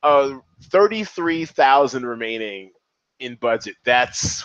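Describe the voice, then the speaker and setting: Excitable male podcast host, lively swinging pitch, dry and slightly dull recording. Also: normal speed, dry recording. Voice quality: excitable, animated. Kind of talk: casual commentary.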